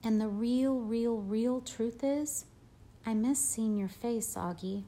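A woman reading an audiobook, voicing an affectionate father who talks to his son gently and jokingly. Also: medium pitch, lively intonation, moderate pace, lightly acted. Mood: tender. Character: fond, gently teasing father of a boy. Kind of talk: audiobook character voice.

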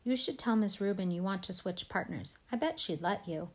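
A woman's voice: medium pitch, animated, moderate pace, darkish tone, natural voice. A woman reading aloud, voicing a smirking, taunting schoolboy bully. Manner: taunting, mock-innocent.

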